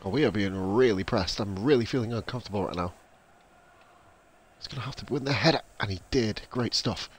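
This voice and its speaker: A man commentating casually on his own football video game, excitable, swearing now and then, and chatting to viewers. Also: fairly low pitch, a little fast, slightly rough. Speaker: gaming YouTuber.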